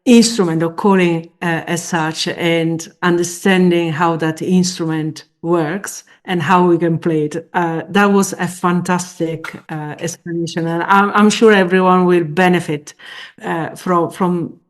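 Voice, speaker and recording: A woman's voice: fairly low pitch, steady tone, measured pace. A woman hosting a podcast interview, asking questions hesitantly with many fillers and restarts. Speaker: podcast host.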